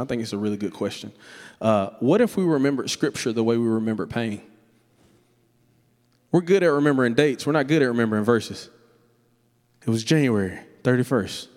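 A man preaching a sermon to a congregation, lively and playful, breaking into high voices to act out the people in his stories. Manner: animated preaching, jumps up in pitch for playful impressions of others. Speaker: pastor. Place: church sanctuary. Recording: church hall reverb.

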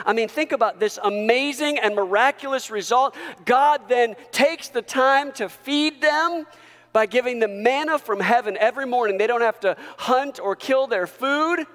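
A pastor in full sermon mode, with a high, bright male voice. He drops low and quiet, then climbs back to loud emphasis, calling his congregation to repeat after him. The sound carries a long hall reverb. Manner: preaching with sweeping rises and drops, leading the congregation. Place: church sanctuary.

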